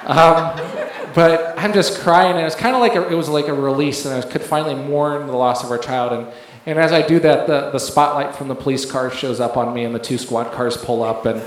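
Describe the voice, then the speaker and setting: A man's voice: on the high side, fairly quick. A man giving a rambling testimony in a sermon, with many fillers and restarts, often laughing as he tells it. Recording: very echoey room, faint background noise.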